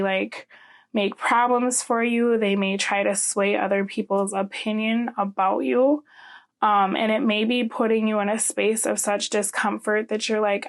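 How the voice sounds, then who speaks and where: A woman giving a casual tarot reading, chatty, often ending her points with "okay?". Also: medium pitch. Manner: chatty, frequent "um" and "okay?" tags. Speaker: tarot reader.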